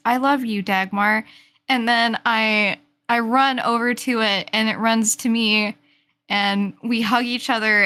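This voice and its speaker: A woman's voice: fairly high pitch, sharp tone, smooth. A woman player telling an improvised, overdramatic story in a tabletop game, with long chains of "and then". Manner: playful, dramatic, run-on storytelling.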